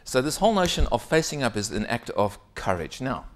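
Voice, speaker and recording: Gravelly, animated keynote speaker. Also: male voice, medium pitch, fairly quick. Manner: lively storytelling, frequent "right?" asides to the audience. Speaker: keynote speaker, executive coach. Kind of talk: conference keynote talk.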